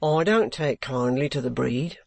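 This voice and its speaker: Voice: mid-range voice, a little slow, creaky, darkish tone, dry recording, voice pushed down. A reader voicing a bluff former soldier who is under arrest and speaks plainly, politely and stubbornly. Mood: firm.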